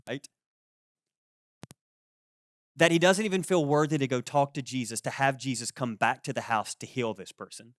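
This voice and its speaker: A man in his forties preaching a sermon as pastor, conversational and lively, acting out the people he quotes. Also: mid-range voice, no room sound, studio quality. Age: 40s. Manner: conversational, animated, acts out quoted voices.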